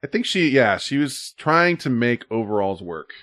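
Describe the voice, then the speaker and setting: A man rambles casually on a live stream, peppering his talk with swears and fillers. His voice sits in an ordinary middle pitch. The sound is close and dry, with no room around it. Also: sing-song, moderate pace, fairly bright tone, dry recording. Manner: rambling, loose, swears often. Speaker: stream co-host. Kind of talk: casual profane chat.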